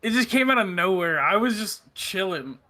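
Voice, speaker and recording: A man's voice: sits high, lively intonation, normal speed, sharp tone, no echo. A man chatting casually as a player in a tabletop game, laughing and swearing a lot. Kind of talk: casual chat.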